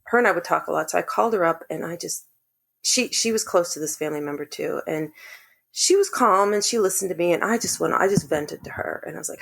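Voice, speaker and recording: A woman's voice: medium pitch, fairly quick, vocal fry. A woman guest earnestly telling a personal family story in casual conversation. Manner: earnest, animated when quoting others. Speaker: podcast guest.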